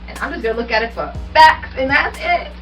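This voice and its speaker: A woman co-hosting a casual podcast, playful and quick with her answers. She talks fast in a bright, forward voice. She sits a bit away from the mic, with faint music behind her. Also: sits high, lively intonation, distant mic. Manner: playful, quick back-and-forth, laughs. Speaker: guest co-host. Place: studio room with a small audience.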